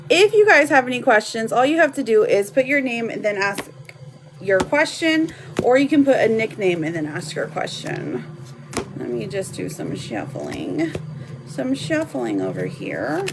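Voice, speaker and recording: A woman in her thirties reading tarot cards on a live stream, chatty and affectionate with her viewers. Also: on the high side. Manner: chatty, affectionate, laughs often. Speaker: tarot card reader. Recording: noisy home live stream.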